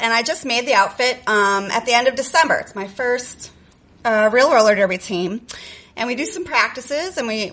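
A woman's voice: on the high side, pushed and bright, poor audio. A woman from Chicago telling a profane, sarcastic personal story to a live audience, laughing often. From Chicago, USA.

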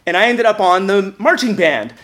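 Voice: medium pitch, animated, moderate pace, fairly bright tone. A speaker telling a comic personal story, self-mocking, laughing while telling and often stammering into restarts.

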